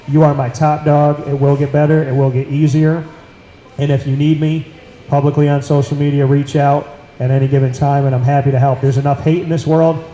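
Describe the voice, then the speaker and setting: A man's voice: fairly high pitch, mellow. Central new york guy, host, earnest and emphatic, repeats himself for weight, echoey room. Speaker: podcast host. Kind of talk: casual talk-show conversation.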